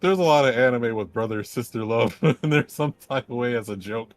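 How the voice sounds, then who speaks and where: A man's voice: mid-range voice, brisk, soft background music. A man chatting casually with friends on a stream, rambling through stories and laughing often. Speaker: streamer co-host. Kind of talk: casual group chat.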